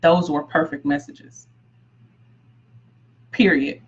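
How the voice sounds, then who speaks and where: A woman's voice: sits low, fairly even intonation, slow pace, lo-fi sound. Emphatic woman coaching live viewers. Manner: emphatic, repeats key phrases, greets viewers by name. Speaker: book coach. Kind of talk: live-streamed coaching talk.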